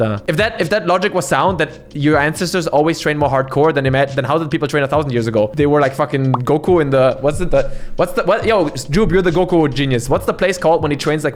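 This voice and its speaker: A man ranting bluntly and swearing a lot as he reacts to a video, with frequent restarts. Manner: lively pitch swings, restarts. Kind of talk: profane reaction commentary.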